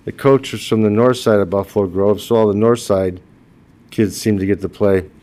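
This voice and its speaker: A man's voice: lowish voice, steady tone, normal speed, darkish tone. A man in his sixties giving a eulogy for his wife, telling humorous personal stories and laughing at his own jokes. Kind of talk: funeral eulogy told as personal anecdotes.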